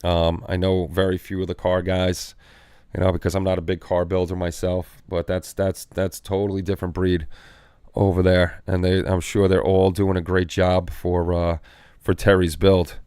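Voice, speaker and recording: Low, dry-voiced man hosting a livestream. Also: completely flat delivery, normal speed, dark tone, clean tone, no room sound. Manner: rambling, easygoing, repeats phrases. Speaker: livestream host. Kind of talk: casual chat while reading viewer comments. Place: home hobby room.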